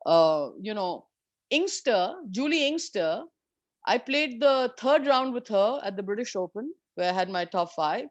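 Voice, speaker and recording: A woman golfer telling stories of her years on tour in an interview, animated and candid, swearing freely. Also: mid-range voice, a little slow, no room sound, dull audio. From India. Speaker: professional golfer guest. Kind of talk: storytelling in an interview.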